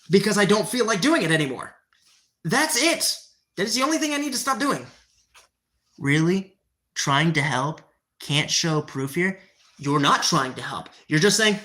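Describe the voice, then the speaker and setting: A woman's voice: medium pitch, sharp tone. A woman livestreaming a workout, ranting heatedly and profanely at her chat, winded from exercise. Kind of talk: livestream chat while working out.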